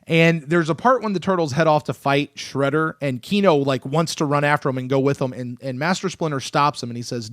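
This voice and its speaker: A man in his thirties hosting a casual sports podcast, excitable and animated, often restarting his sentences. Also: on the high side, fairly quick, hardly any pauses, dry recording, studio quality. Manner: excitable, animated, self-interrupting. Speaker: podcast host.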